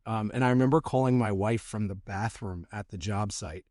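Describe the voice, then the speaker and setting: A man's voice: lowish voice, moderate pace, a little mellow, no echo, studio quality. Candid storytelling man hosting a podcast. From New Jersey. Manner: candid storyteller, swears, repeats words. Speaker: podcast host. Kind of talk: casual chat, storytelling.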